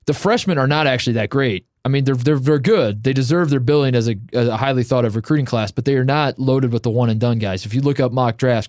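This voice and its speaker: A man co-hosting a casual sports podcast, telling stories in an animated way and laughing often. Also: medium pitch, no echo, studio quality. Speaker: podcast co-host.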